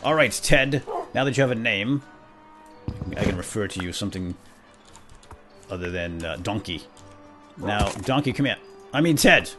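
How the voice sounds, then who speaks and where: Speaking at normal speed in a lowish voice with lively intonation and long pauses, a man does comedic in-character role-play. As a gamer, he voices a self-important, bumbling knight playfully chattering to his animal companions, with faint background music.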